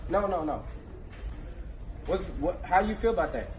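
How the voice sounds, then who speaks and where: High-voiced prankster man, echoey and distant. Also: expressive, normal speed, a little hiss or hum. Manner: taunting, slangy banter. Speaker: street prankster. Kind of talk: prank video clip. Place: large store indoors. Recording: echoey store from far off.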